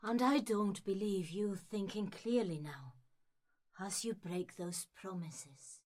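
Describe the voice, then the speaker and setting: A woman's voice: mid-range voice, slow, darkish tone. A woman playing Helena, a hurt young woman who speaks reproachfully and sarcastically, in an amateur stage-play reading.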